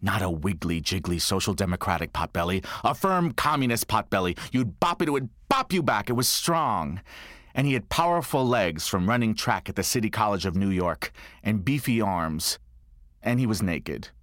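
A man with a low voice performs a comic one-man monologue, his pitch swinging widely as he tells his story. He drops in dry, deadpan asides along the way. The recording is close and dry, with no room echo. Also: normal speed. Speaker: comedic monologuist.

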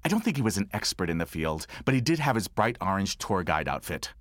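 A man telling a comic story from his childhood in a monologue, wry and animated. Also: fairly low pitch, a little fast, hardly any pauses, no echo. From New York. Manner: wry, animated, dry humor.

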